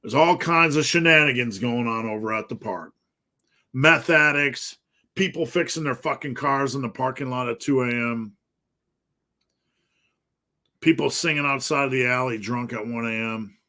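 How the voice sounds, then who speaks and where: A man's voice: medium pitch, normal speed, pauses often, bright, forceful tone. A man, a fitness coach answering live viewer questions, talking bluntly and profanely in an emphatic rant.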